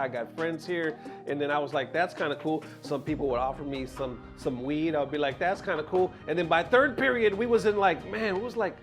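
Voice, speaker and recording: A young man telling a true school story to viewers, animated and full of slang. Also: sits high. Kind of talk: storytime vlog.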